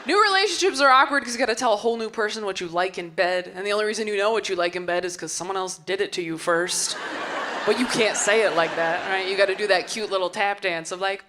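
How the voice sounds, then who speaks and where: A woman's voice: medium pitch, quick pace. A young woman doing a stand-up comedy set on stage, wry and punchy, slipping into quoted voices. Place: comedy stage before a live audience. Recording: noisy live stage recording.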